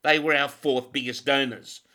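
A man's voice: medium pitch, fairly even intonation, normal speed, bright, forceful tone, pitched above the performer's own voice, natural voice. A man voicing a pompous male church president who speaks formally and turns threatening. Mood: sombre.

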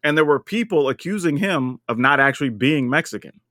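A man co-hosting a podcast in casual chat, thinking aloud in an animated way. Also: on the high side, brisk, no echo, clean studio sound. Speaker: podcast co-host.

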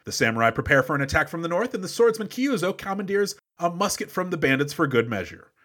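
A man's voice: on the high side, very animated, fast talker, a bit bright. A man co-hosting a podcast, recapping a movie with enthusiastic, profane storytelling on a close mic. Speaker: podcast co-host. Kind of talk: casual movie recap chat.

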